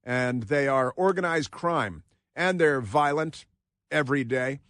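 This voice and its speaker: A man's voice: mid-range voice, a bit bright, dry recording. A male radio host speaking into a studio mic, dry and close with no room sound. He holds forth in a sarcastic, opinionated monologue and stretches out the words he wants to land hard. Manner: sarcastic, drawn-out emphatic phrasing. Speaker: radio talk show host.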